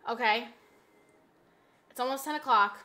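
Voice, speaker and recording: A woman streamer in casual live-stream chat, pleading dramatically with her viewers and swinging from soft begging to loud shouting. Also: on the high side, measured pace.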